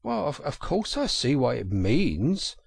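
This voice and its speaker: A man voicing a fussy, pettish male mole who whines in a high, fretful voice. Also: wildly swooping pitch, a little slow, gravelly, husky, no room sound, clean studio sound, heavily acted. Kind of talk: audiobook character reading.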